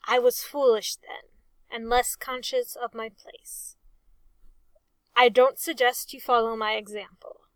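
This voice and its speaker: A woman reading the lines of an older male ship captain, loud and emphatic as he recalls his past. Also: a little high, fairly even intonation, slow pace, vocal fry, no echo, poor audio. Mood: proud.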